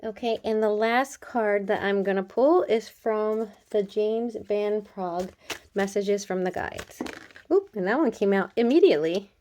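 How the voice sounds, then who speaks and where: A woman's voice: mid-range voice, a little slow, mellow. Earnest, encouraging woman reading oracle cards. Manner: earnest and encouraging, speaking straight to the viewer; chatty, with laughs and filler words. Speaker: oracle card reader. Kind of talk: casual card reading to camera.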